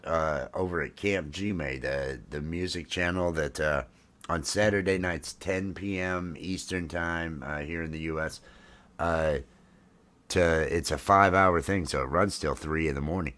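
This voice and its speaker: A man in his fifties hosting a casual live stream, rambling with lots of fillers and restarts. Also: deep voice. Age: 50s. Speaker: livestream host. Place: home, drinking coffee while streaming.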